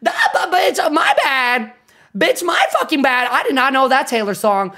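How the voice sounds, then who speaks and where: Excitable, foul-mouthed young woman streamer. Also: high voice, moderate pace. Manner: excitable, swears constantly, bursts into loud laughter. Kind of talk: casual livestream reaction chat.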